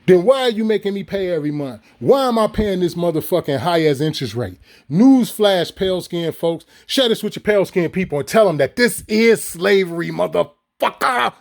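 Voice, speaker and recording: High-voiced, profane man ranting. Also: expressive, moderate pace, vocal fry, a little mellow. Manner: profane, heated, repetitive. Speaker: video creator. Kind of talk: ranting monologue to viewers.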